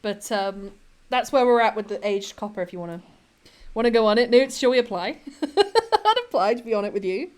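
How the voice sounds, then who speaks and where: Casual game streamer, female, a touch high-pitched, giggly and chatty, reads out viewer messages. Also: animated, fairly quick, a little mellow. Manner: chatty and giggly, answering chat between tasks. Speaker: live streamer playing a block-building game.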